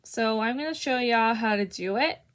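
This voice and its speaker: A woman's voice: fairly high pitch, normal speed, fairly bright tone, smooth. A young woman giving a casual harmonica tutorial, hesitant, with many restarts and fillers. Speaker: harmonica teacher.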